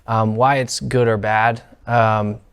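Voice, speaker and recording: A man speaking as a relaxed, agreeable panel guest in a casual discussion. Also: on the low side, slow pace, clear, resonant tone.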